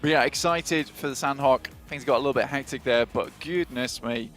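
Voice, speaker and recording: A man's voice: mid-range voice, normal speed, a bit bright. A man calls an esports match in a chatty way, leaning on fillers as he talks. Faint music plays under his voice. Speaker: esports caster. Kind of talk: play-by-play commentary.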